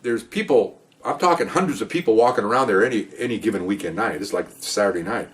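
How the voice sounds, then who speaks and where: Fast-talking older man, rambling stories. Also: on the low side, lively intonation, recorded from a distance. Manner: rambling, many restarts and "you know". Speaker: retired police officer telling stories. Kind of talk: casual storytelling.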